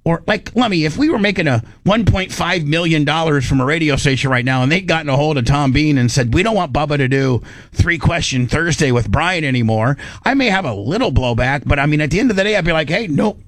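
A man hosting a radio talk show, telling a story in a casual, animated way and acting out the quoted dialogue. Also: on the high side, fast, no room sound.

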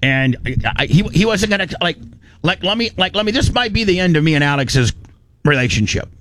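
A man's voice: high voice, very animated, a little fast, fairly bright tone, slight background noise. A man hosting a radio show in a broadcast studio, telling a story in a blunt, heated, rambling way with many restarts. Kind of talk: on-air storytelling rant. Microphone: studio microphone.

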